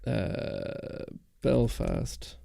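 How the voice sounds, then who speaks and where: A man with a Northern Irish accent chats loosely on a livestream, rambling through viewer questions. His voice is dark and gravelly, with a dry, close-miked sound. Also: mid-range voice, big pitch swings, extremely slow, dry recording. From Northern Ireland. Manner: rambling, answers viewer chat. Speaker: YouTube host on a livestream. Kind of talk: casual livestream chat. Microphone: close studio mic.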